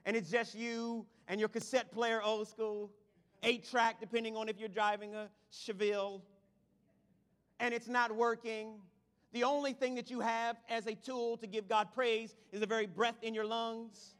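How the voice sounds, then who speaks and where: A man preaching a lively sermon to his congregation, swinging from shouts to quiet asides. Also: extremely high pitch, moderate pace, clean tone. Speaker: pastor. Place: church sanctuary. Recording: long hall reverb.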